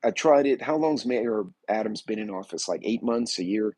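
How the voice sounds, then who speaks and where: A man hosts a casual livestream in a folksy, rambling way. His voice sits a little low and sounds husky. The sound is dry and close, with almost no room echo. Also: animated, moderate pace, a little mellow. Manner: rambling, folksy, greets chat viewers by name. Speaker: livestream host. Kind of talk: casual political livestream chat.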